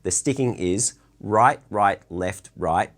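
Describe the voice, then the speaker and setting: A man giving a relaxed, chatty drum lesson from his drum room, counting beats aloud as he explains stickings. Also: lowish voice, takes it slowly. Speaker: drum teacher.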